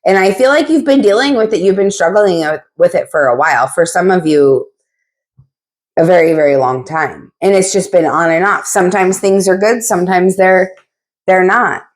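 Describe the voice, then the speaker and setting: A woman's voice: on the low side, moderate pace. A woman giving a casual tarot reading, talking in a blunt, chatty way with frequent asides and casual swearing. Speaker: tarot reader.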